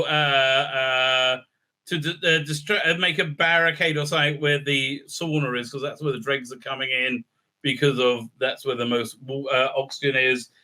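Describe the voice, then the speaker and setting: A man with a slightly high, bright and forceful voice delivers a casual, ranting recap review. He's sarcastic and profane, with plenty of fillers and restarts.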